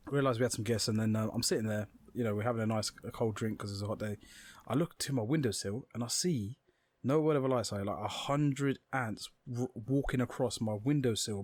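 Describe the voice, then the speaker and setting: Fast-talking young man telling stories. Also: mid-range voice, dry recording. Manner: swearing, animated storytelling with acted-out quotes. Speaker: podcast co-host. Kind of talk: casual chat.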